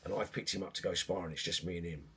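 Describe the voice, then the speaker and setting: Middle-aged man, husky, lowish voice; boxing coach telling rambling stories. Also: rapid-fire. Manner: animated, rambling with restarts. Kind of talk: conversational podcast storytelling.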